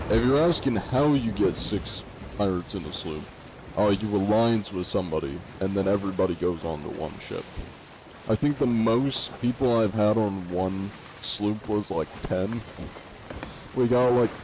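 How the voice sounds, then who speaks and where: A man's voice: lowish voice, noisy background. A male streamer in casual live-stream chat, reading and answering viewers' messages offhandedly, with some swearing.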